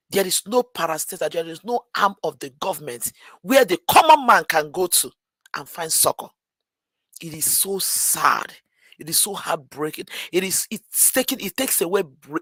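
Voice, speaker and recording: A woman's voice: low-pitched, a bit bright, husky, no echo. A woman, calling in to a discussion. She speaks in an impassioned, lamenting way and repeats phrases for emphasis. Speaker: caller. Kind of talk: call-in discussion.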